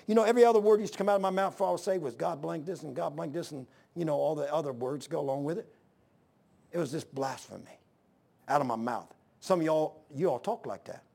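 High-voiced preaching man. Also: gravelly. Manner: preaching with swings between loud exhortation and low hushed asides. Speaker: pastor. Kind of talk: sermon.

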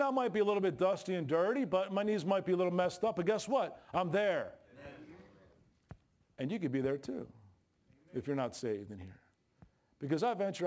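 With a slightly mellow voice that sits a bit above most men's, a middle-aged man preaches in an emphatic, folksy way, his pitch leaping upward as his passion rises.

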